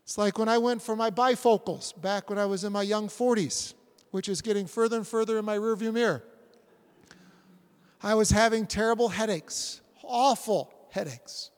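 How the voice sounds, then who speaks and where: A man in his forties preaching a sermon, animated and acting out scripture scenes. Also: sits high, in a large hall. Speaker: pastor.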